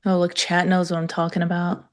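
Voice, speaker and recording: A woman's voice: on the low side, completely flat delivery, fairly quick. A woman co-hosting a live trading stream, talking loosely with fillers and answering chat viewers in casual conversation.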